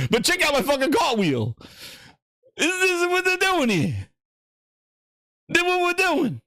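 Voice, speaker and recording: High-voiced, animated man mocking on air. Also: slow pace, pauses often, dry recording, studio quality. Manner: profane, mocking, rambling riff. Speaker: gaming show host. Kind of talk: casual reaction commentary.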